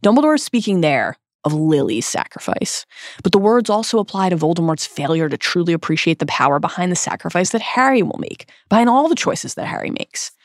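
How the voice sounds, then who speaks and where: A woman hosting a podcast, reading a scripted literary analysis in an expressive, emphatic way. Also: on the low side, brisk, no echo, clean studio sound. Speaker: podcast host.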